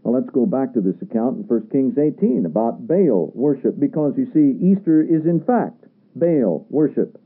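A man's voice: medium pitch, sing-song, moderate pace, husky. A man preaching a sermon, reading scripture aloud and pressing his listeners with emphatic rhetorical questions. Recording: tinny radio broadcast sound.

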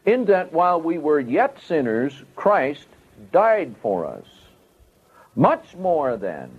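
A man's voice: on the high side, huge pitch swings, takes it slowly, husky. A man preaching a sermon, teaching step by step and stressing key words with strong rises and falls. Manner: emphatic, rising and falling for stress. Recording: tinny phone-like audio.

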